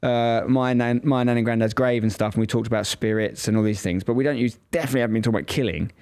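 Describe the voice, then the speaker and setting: A man in his thirties, a podcast co-host in casual chat, telling lively anecdotes and acting out what others said. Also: medium pitch, very fast, clean tone. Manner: lively anecdotal storytelling, acts out quoted voices.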